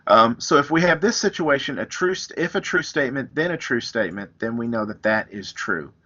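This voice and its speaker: A man's voice: mid-range voice, a bit bright, muffled recording. A man teaching a recorded math lesson, explaining step by step with everyday examples. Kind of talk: recorded lecture, writing on screen.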